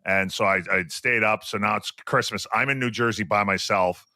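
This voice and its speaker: The storyteller is a podcast co-host in his forties, a former hockey player from Western Canada, who animatedly acts out quotes while chatting casually. His voice is fairly low, at normal speed. The recording is studio quality with no echo.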